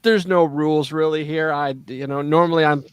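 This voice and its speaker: A man's voice: on the high side, steady tone, normal speed, a little hiss or hum. A man hosting a live paintball stream, rambling casually, joking and chuckling. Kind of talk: casual chat.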